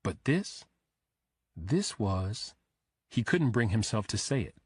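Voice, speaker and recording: A man narrating a crime thriller audiobook in the first person, measured and even. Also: fairly low pitch, slightly rough, no echo, clean studio sound.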